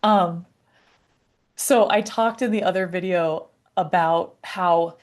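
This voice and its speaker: Slow-talking, halting woman vlogger. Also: lowish voice. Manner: halting, searching for words, frequent fillers and restarts. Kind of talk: reflective personal talk to camera.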